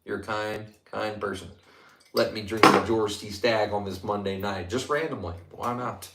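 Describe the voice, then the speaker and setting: A man hosting a casual whiskey livestream, chatting loosely and getting excited as he reads out and thanks viewer comments. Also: lowish voice, moderate pace, very noisy. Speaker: livestream host reviewing whiskey. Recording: echoey room.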